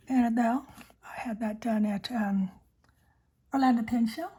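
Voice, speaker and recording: A woman's voice: a little high, fairly even intonation, normal speed, long pauses, dark tone. A woman vlogger chatting about her fountain pens, rambling with many fillers and self-corrections, often dropping to a whisper. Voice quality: breathy, frequently whispering. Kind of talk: casual show-and-tell, often whispered.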